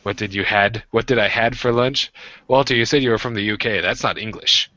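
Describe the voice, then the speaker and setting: A man's voice: lowish voice, a little fast, pushed and bright, no echo, dull audio. A man from the United States hosting a livestream, joking and rambling in casual group chat. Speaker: livestream host.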